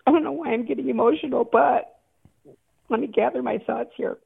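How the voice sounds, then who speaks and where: Over a tinny phone line, a woman calls in to a radio show with an emotional personal story, laughing and crying and restarting her sentences. Her voice is high-pitched, fairly quick and creaky with a breathy edge, and there's no room sound.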